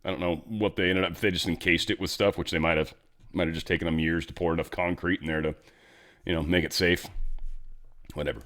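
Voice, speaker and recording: A man's voice: sits low, fairly even intonation, quick pace, fairly bright tone. A man hosting a casual political commentary show, talking in a loose, sarcastic, rambling way. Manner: loose, sarcastic, rambling, drops into mock voices.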